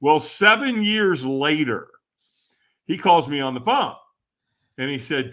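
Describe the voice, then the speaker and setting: A man as a podcast guest, telling a personal story in a casual, animated way, laughing often and acting out what others said. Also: mid-range voice, measured pace. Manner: animated, laughs often, acts out quoted voices.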